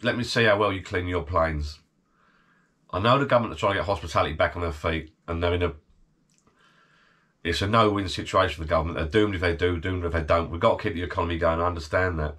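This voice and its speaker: A middle-aged man from the United Kingdom, recovering from illness, chats casually to his channel from his garden bar shed as its host, rambling and laughing often. His voice is low, fast, bright and forceful in tone.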